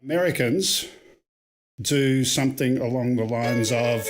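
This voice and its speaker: A man's voice: medium pitch, a little slow, faint music behind. A man co-hosting a live stream, asking the guest questions and joking casually. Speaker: co-host.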